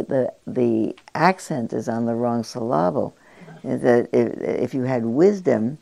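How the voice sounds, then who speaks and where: An older woman, a meditation teacher, giving a musing dharma talk with gentle pauses and fillers. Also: a bass voice, creaky.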